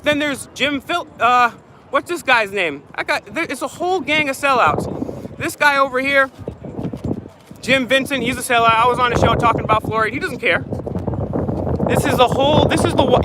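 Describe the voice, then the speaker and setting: A man's voice: very high-pitched, a little fast, very noisy. A man vlogging live with a handheld phone outdoors at a public event, heckling and accusing officials in a confrontational rant. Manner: heckling, accusatory, shouting boos. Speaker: activist vlogger filming a protest. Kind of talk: live protest vlog commentary. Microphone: phone held while filming.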